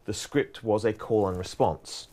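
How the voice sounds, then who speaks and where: A man's voice: lowish voice, fairly even intonation, unhurried, darkish tone. A man giving a prerecorded university lecture, explaining in a loose, conversational way that wanders from point to point.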